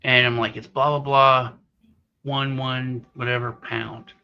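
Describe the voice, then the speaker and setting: A man's voice: mid-range voice, flat delivery, unhurried, vocal fry, a little hiss or hum. Rambling man telling a story. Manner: rambling storyteller, acts out quoted voices. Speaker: co-host. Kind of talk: casual chat. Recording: slightly dull lo-fi audio.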